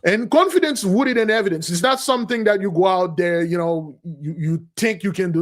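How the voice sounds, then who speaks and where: A man giving a livestream sermon in a loose, conversational way, repeating phrases and calling his listeners "beloved", with his voice swinging between loud and soft. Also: sits high, fairly quick, hardly any pauses. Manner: repetitive, calls listeners "beloved". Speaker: spiritual teacher leading a community fast.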